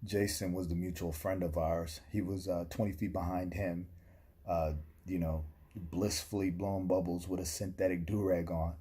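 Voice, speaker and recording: Deep husky man telling a story. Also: level tone, moderate pace, warm tone. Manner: dry, comic storytelling. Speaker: vlogger. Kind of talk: casual storytelling.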